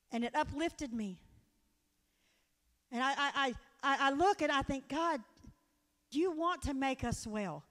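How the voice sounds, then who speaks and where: A woman's voice: high-pitched, measured pace, long pauses, fairly bright tone. A woman delivering a folksy, earnest sermon in church, telling stories and appealing directly to her listeners. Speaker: guest speaker at church. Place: church sanctuary. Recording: long hall reverb.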